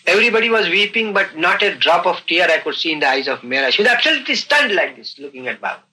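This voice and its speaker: An older man recounting events in an unscripted interview, earnest and halting, often saying "you see". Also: high voice, very animated, pushed and bright, husky, low-quality recording. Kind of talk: unscripted storytelling.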